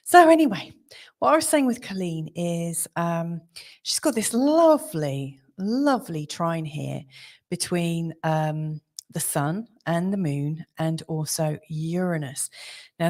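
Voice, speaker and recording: A woman's voice: lowish voice, darkish tone. A young adult woman hosting a live astrology stream, talking in a chatty, rambling way full of fillers and little laughs. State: out of breath. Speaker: astrologer host of live readings. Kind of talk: casual live-stream chat.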